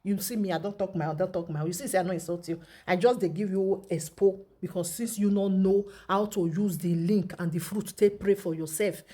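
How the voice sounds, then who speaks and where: Nigerian lady vlogger spilling gossip, lively and teasing, keeps laughing. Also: medium pitch, brisk, hardly any pauses. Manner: animated, laughs often, chatty and teasing. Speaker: social media commentator. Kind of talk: gossip commentary vlog.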